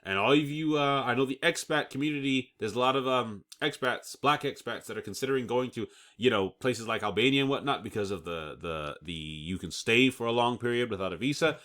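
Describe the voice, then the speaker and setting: A man hosting his own channel reads news reports aloud and comments on them emphatically, often checking in with "okay?". His mid-range voice is a bit bright, fairly quick, with few pauses, and he stumbles over words and laughs at himself.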